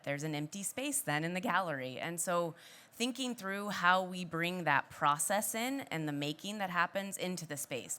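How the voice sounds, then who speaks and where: A woman's voice: deep voice, sharp tone. A woman curator speaking on a panel, often repeating words as she gathers her thoughts. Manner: halting, repeats words while thinking. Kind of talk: panel discussion.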